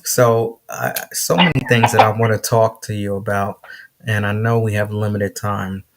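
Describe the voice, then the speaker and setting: A man hosting a casual podcast interview, laid-back and quick to laugh. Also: lowish voice, steady tone, very noisy. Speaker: podcast host.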